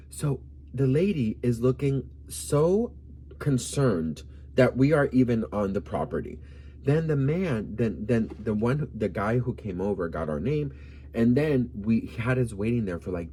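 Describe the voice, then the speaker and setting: A man's voice: medium pitch, warm tone, a little hiss or hum. A man of Colombian background from Miami, telling a gossipy story in a sassy, campy vlog style and calling the viewer "girl.". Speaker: vlogger.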